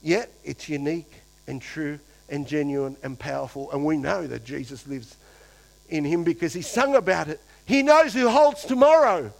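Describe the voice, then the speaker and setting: High-voiced man preaching a lively sermon. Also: normal speed, gravelly, low-quality recording. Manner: animated, acts out quoted voices, swings between loud and hushed. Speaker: pastor.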